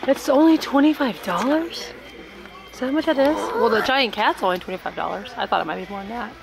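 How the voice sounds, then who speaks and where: A woman's voice: a little high, quick pace, creaky. A woman vlogging with a handheld camera in a costume store, chatty and giggly, a little congested in the chest. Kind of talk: casual chat. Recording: crowded store chatter behind.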